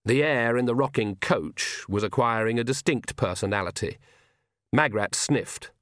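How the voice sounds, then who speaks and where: A man's voice: mid-range voice, normal speed, a bit bright, no room sound. A man narrating a comic fantasy novel with dry, wry storytelling. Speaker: audiobook narrator. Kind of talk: scripted narration.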